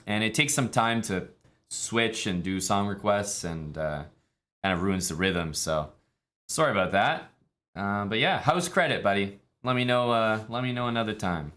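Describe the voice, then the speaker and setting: A man from Canada, streaming chess in a relaxed, chatty way with many fillers. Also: fairly low pitch, moderate pace. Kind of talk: casual live-stream commentary.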